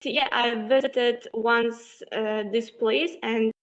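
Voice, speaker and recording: A woman's voice: fairly high pitch, fairly even intonation, slow. A woman with an Uzbek accent answering spoken exam questions, hesitant and full of fillers. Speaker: exam candidate. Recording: dull lo-fi recording.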